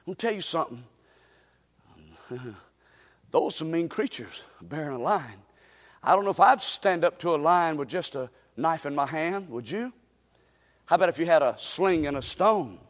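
A man, preaching a sermon as pastor, swinging from low asides to shouting. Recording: long hall reverb.

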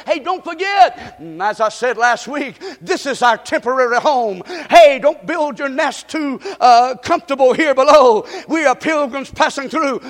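A man preaching a sermon as pastor, swinging from shouts to hushed murmurs. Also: very high-pitched. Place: church sanctuary. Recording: long reverb in a church hall.

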